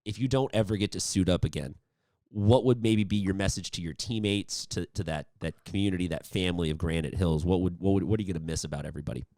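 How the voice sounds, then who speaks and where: A man's voice: low voice, quick pace, a little mellow, dry recording, studio quality. A man hosting a sports interview, upbeat and chatty, rambling with restarts. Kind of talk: casual interview.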